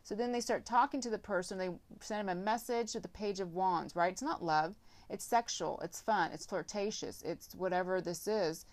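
A woman's voice: medium pitch, moderate pace. A woman giving a casual tarot reading, rambling with lots of filler words and some blunt swearing. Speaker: tarot reader.

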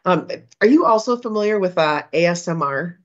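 A woman's voice: on the low side, expressive, brisk, lo-fi sound. A woman from Minnesota hosting an interview, chatty and rambling with frequent restarts. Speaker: podcast host. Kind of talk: podcast interview.

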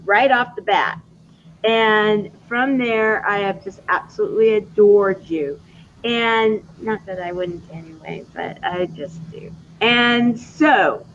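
A woman's voice: a little high, slight background noise. A woman hosting a talk show, earnestly introducing her guest in a personal way. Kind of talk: interview. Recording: dull, slightly lo-fi audio.

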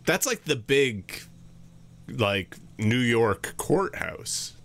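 A man chiming into a casual group chat, easygoing and asking quick questions. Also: mid-range voice, sing-song, a bit bright.

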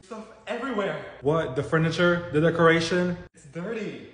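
A man playing bored young siblings who answer in a flat, deadpan way, quieter than his nagging role. The voice sits fairly high for a man, and the room is echoey. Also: normal speed, natural voice. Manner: flat, deadpan, dismissive replies. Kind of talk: comedy sketch acting.

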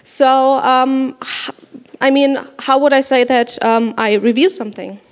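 A woman's voice: sits high, level tone, unhurried, clear, resonant tone. German woman giving a talk in a reverberant hall. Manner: light and playful, with frequent ums. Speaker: conference speaker. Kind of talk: lightning talk presentation. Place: conference hall.

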